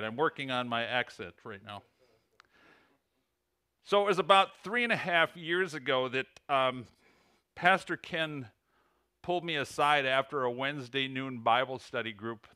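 A man's voice: mid-range voice, moderate pace, sharp tone, smooth, no echo, studio quality. A man with an Illinois accent, a ministry coach giving a sermon in a church and earnestly reading out lists and figures. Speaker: ministry coach, guest preacher. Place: church sanctuary.

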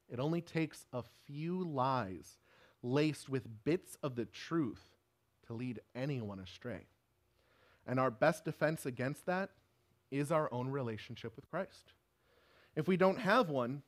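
A man giving a sermon in an earnest, emphatic preaching manner. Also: mid-range voice.

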